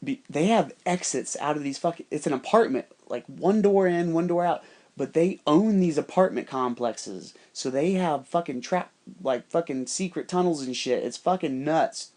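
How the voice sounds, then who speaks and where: A podcast storyteller with a slightly high voice and moderate pace rambles casually through a personal story. He swears constantly and animatedly acts out other people's voices.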